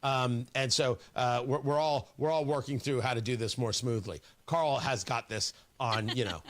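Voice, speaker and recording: A man's voice: mid-range voice, moderate pace. A man hosting a morning radio show, chatting casually, laughing easily and tripping over his words. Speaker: radio talk host.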